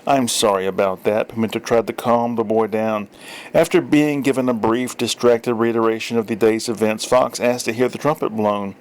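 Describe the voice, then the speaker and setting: A man's voice: mid-range voice, steady tone, normal speed, a little mellow. A man reading a story aloud in a dry, wry storytelling manner with small self-corrections. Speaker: story reader. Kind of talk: audiobook narration.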